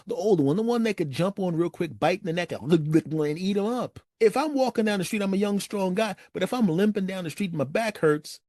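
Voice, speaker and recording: A man telling a personal story as a monologue, animated and acting out his friends' lines. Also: dry recording, clean studio sound. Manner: animated, acts out friends' lines in raised pitch.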